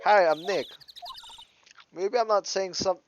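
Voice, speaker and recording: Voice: mid-range voice, slow pace, music in the background, pitched above the performer's own voice, natural voice. A player reading the lines of a flustered young male lawyer in a video game, hesitant and apologetic. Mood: plain. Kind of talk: reading game dialogue aloud.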